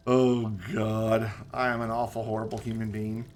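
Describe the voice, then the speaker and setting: A man streaming a game, chatting casually and joking in a rambling, animated way. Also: lowish voice. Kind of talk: casual chat while playing a game.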